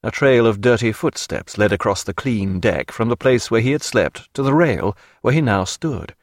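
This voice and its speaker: Man narrating a novel, lively intonation, dry close recording. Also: medium pitch, moderate pace, no echo. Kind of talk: audiobook narration.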